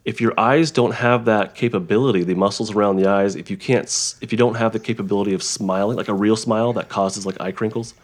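A man who works as a therapist, explaining ideas in a halting conversational way, with frequent restarts and examples. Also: lowish voice, fairly even intonation. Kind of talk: conversational interview.

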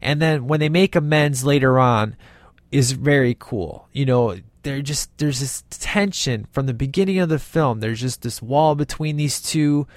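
A man's voice: mid-range voice, measured pace, no echo. A man casually reviewing a movie with enthusiasm, retelling scenes and acting out the characters' lines as he goes.

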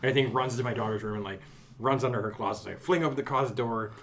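A middle-aged man from Texas telling stories in a casual chat, swearing freely and getting loud as the anecdote builds. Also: medium pitch, racing, slight background noise. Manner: animated storyteller, swears a lot, gets loud in anecdotes. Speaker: podcast co-host.

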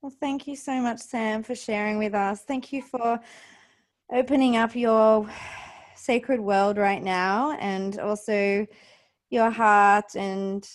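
A woman hosting a podcast interview, effusive and chatty, asking her guest quick questions. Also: medium pitch, steady tone. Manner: warm and effusive, gets emotional. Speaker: podcast host. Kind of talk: casual interview chat.

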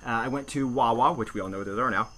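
A man's voice: mid-range voice, quick pace, fairly bright tone. A man hosting a casual podcast, telling a crude, ranting story about a rude customer. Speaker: podcast host.

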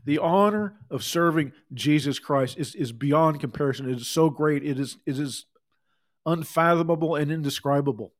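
A middle-aged pastor with a voice on the high side delivers a sermon. He reads scripture, then breaks off into conversational asides and quick acted-out quotes.

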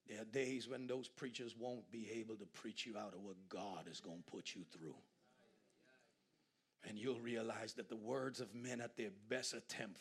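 A man from Guyana preaching a sermon in a church, swinging from hushed asides to loud, laughing exclamations. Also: on the low side, breathy edge. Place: church sanctuary.

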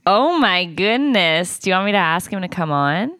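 A woman with a slightly low voice chats casually on a podcast, playful and curious, asking question after question. The sound is dry and close, with no room in it. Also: animated, normal speed, fairly bright tone, smooth, no room sound. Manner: playful, laughs often, asks lots of questions. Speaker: podcast co-host. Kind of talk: casual chat.

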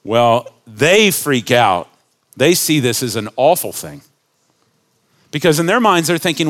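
A man preaching a sermon, animated and storytelling, acting out quick voices and dropping to quiet earnest tones. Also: fairly high pitch. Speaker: pastor.

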